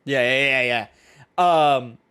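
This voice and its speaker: A young man co-hosting a casual chat show, retelling scenes in a lively way and acting out the quoted lines. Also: mid-range voice, takes it slowly, smooth. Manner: animated storytelling, acts out quoted lines. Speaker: podcast co-host.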